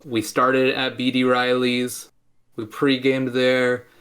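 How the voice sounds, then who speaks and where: A man's voice: medium pitch, monotone, slow, a bit bright. A man co-hosting a podcast, chatting casually and enthusiastically, often repeating himself. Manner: enthusiastic, repetitive. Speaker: podcast co-host. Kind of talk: casual chat.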